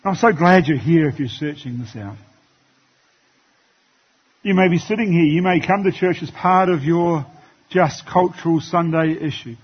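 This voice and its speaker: A male pastor with a slightly raised, husky voice delivers a sermon in conversational tones, reading verses aloud to his congregation. The church recording sounds dull and lo-fi. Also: fairly high pitch, moderate pace, pauses often. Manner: conversational preaching, quoting scripture.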